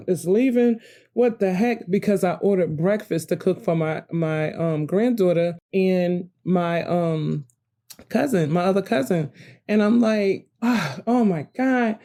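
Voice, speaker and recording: Older host, mellow voice, rambling and animated. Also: female voice, fairly low pitch. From New Jersey. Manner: rambling, animated, self-correcting. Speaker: podcast host. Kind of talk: casual storytelling monologue.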